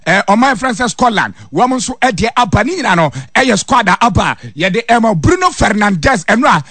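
A man's voice: high voice, expressive, moderate pace, sharp tone, dry recording. Sing-song Ghanaian male radio presenter. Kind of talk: sports news and ad reads.

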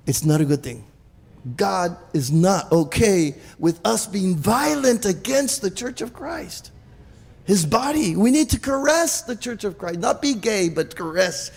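A male pastor preaching in a church with a high-pitched, gravelly voice. He talks animatedly, restarts his sentences and breaks in with hallelujah and amen. The sound carries a long reverb from the hall. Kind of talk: sermon.

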